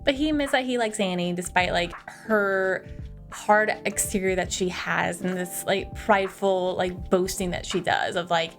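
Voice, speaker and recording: Over soft background music, a young woman with a lowish voice talks through a film review at normal speed. She's casual, gushing, and chatty, using "like" a lot.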